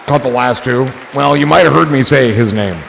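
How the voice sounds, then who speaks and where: A man's voice: medium pitch, moderate pace, creaky, in a large hall, crowd noise, noisy background. A man hosting a livestream in casual chat, rambling and joking with a loose, swearing manner. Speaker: livestream host.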